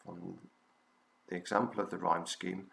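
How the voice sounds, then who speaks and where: A male teacher giving a recorded revision lesson, explaining patiently and haltingly with frequent fillers. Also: deep voice, steady tone, creaky, fairly bright tone.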